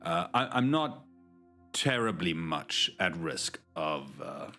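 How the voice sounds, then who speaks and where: A man's voice: sits low, big pitch swings, takes it slowly, sharp tone, soft background music. A man live-streaming, chatting casually and jokingly with his chat, with many restarts.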